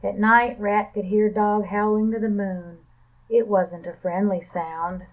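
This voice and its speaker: A woman librarian reading a children's picture book aloud in a calm, even storytelling manner. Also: medium pitch, a little slow. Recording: tinny phone-like sound.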